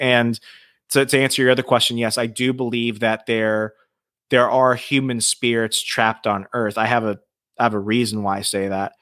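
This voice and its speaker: Man, podcast guest, casual storytelling, profane, animated, dry close mic. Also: mid-range voice, no echo.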